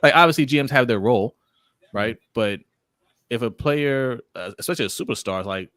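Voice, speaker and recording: A man co-hosting a casual sports talk show, animated and quick to agree, laughing often. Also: medium pitch, no room sound, studio quality. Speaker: podcast co-host.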